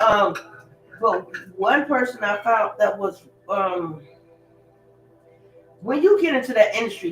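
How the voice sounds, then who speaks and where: A woman's voice: mid-range voice, distant mic. A woman hosting a livestream, rambling bluntly through stories with loose profanity while cleaning in her kitchen. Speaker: livestream host. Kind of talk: rambling casual monologue. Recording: roomy, off-mic with kitchen clatter.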